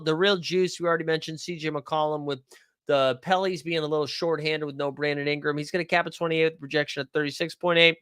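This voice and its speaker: A man's voice: on the high side, bright, forceful tone, clean tone, dry recording, studio quality. A man hosting a fantasy sports live stream in a joking, rambling, profane casual manner.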